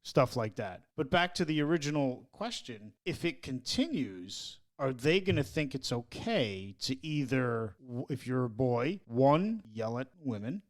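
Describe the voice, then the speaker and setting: A man's voice: medium pitch, sing-song, unhurried, few pauses. A man co-hosting a casual podcast chat, reading passages aloud and then arguing his point emphatically, laughing often. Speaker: podcast co-host.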